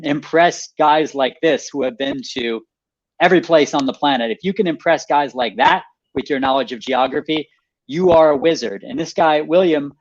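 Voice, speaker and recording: A man, an author guest in a radio interview, animated as he explains a story, restating points and laughing lightly. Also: mid-range voice, dry recording, muffled recording.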